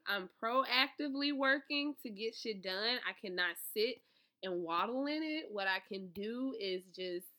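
A young adult woman on a profane, animated storytime rant to her viewers. She swings from loud outbursts to low, calmer talk. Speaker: vlogger, author promoting an ebook.

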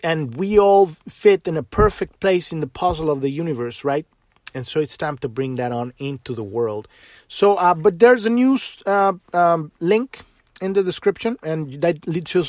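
Fervent man with a higher voice. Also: dry recording, studio quality. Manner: fervent and swearing, swings between loud outbursts and soft trailing. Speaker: podcast host. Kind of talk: impassioned spiritual monologue.

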